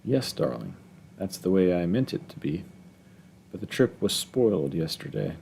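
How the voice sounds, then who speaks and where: A man's voice: low-pitched, expressive, moderate pace, gravelly, darkish tone, slight background noise. A man reading aloud, voicing a cool, sweetly mocking wealthy wife in an audiobook story.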